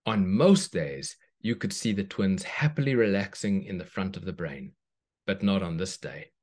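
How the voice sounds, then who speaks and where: A man, a children's book author, reading a bedtime story aloud in a gentle, unhurried way. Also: low voice, lively intonation.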